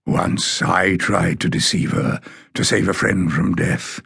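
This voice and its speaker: A man voicing a rasping bewitched bridge guard. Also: no room sound, studio quality, exaggerated voice. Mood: grim, flat. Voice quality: low, rasping. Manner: slow, flat, unblinking delivery. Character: bewitched golden-eyed male bridge guard, grim.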